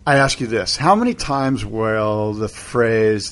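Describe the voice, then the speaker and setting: A man's voice: fairly low pitch, measured pace, a bit bright. A middle-aged man co-hosting a casual podcast chat, playful and teasing, quizzing his partner. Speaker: podcast co-host.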